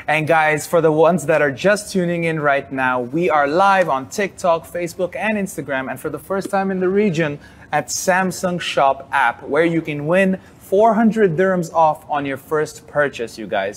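A man's voice: a little high, normal speed. A man hosting a live-streamed tech chat show, playful and enthusiastic. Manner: playful, enthusiastic, says "phenomenal".

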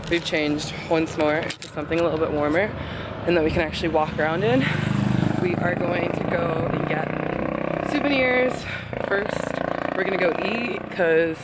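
A woman chatting casually to camera on a holiday trip, excitable and full of slang. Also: sits low, a little fast, very noisy. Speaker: travel vlogger. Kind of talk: casual vlog chat to camera. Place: outdoors on a holiday island.

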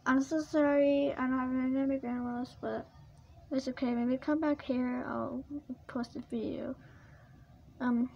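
A woman's voice: high voice, fairly even intonation, normal speed, creaky, mellow, lo-fi sound, a little hiss or hum. A female vlogger chatting casually to camera about her toy collection, rambling with lots of fillers and restarts.

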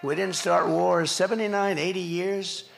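An American man giving a rambling, boastful campaign rally speech from a podium, repeating himself and bursting into shouts. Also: high voice, steady tone, moderate pace, gravelly, some chatter behind, slight background noise. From United States. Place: outdoor campaign rally behind bulletproof glass. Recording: echoey rally venue with faint ambience.

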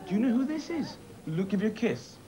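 A man's voice: sits high, very animated, a little fast, a crowd in the background. A man presenting a children's TV show, coaxing and cheering children in a playful, cheerful way, in a noisy TV recording. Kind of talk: lively talk to children.

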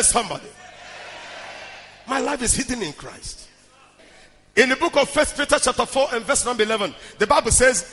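A man preaching a fervent sermon in a very high, bright voice. He rises into shouts and rhythmic chanting. The sound rings with long hall reverb. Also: animated, brisk, long pauses.

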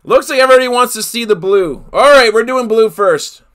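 A man's voice: very high-pitched, a little fast, fairly bright tone. A man hosting a live card break, calling out each player he pulls and exclaiming over the big hits. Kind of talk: live card-opening commentary.

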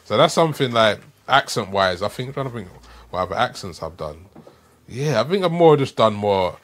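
British male voice artist, low-pitched, relaxed conversational guest. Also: fairly quick. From Britain. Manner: relaxed, agreeable, lots of "yeah". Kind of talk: casual podcast chat.

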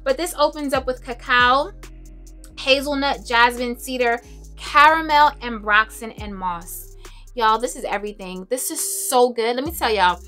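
Bright, chatty woman vlogger. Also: a little high, a little slow, soft background music. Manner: chatty, expressive, laughs often, dramatic asides. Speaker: beauty and fragrance vlogger. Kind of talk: casual chat to camera.

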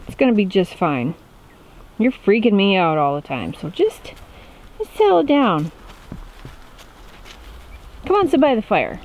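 Slow-talking woman vlogging at a camp. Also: medium pitch, big pitch swings, slight background noise, rough recording. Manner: chatty, talks to her dog in a soft fond voice. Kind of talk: casual camp vlog. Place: off-grid wall tent camp in the woods. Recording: background music over the voice.

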